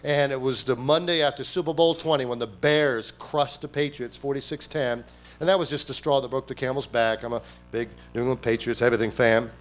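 A man preaching a sermon at a church service, animated, acting out quoted voices and firing off rhetorical questions. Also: medium pitch, brisk, faint music behind. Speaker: pastor.

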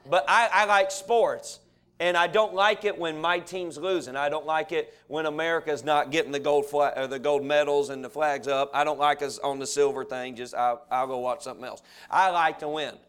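A man preaching a sermon, telling folksy stories and building to animated preaching. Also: on the high side, smooth.

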